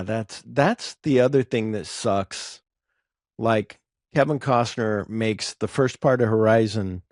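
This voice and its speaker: A man's voice: mid-range voice, darkish tone, no echo, clean studio sound. A man from Arizona, a guest on a film podcast, chatting loosely and reacting freely in casual talk.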